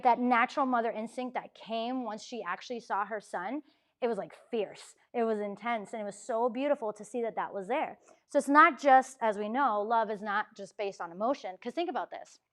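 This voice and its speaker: Young woman, conversational ministry speaker, slightly high voice, animated quoting. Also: normal speed. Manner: chatty, acts out quotes, frequent "right?". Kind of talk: lively faith talk to students.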